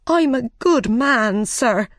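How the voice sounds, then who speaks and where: A man's voice: lively intonation, takes it slowly, fairly bright tone, dry recording, clean studio sound, exaggerated voice. A woman voicing a nervous, frightened hatter with a raised, pleading voice. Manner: higher pitched, anxious, pleading.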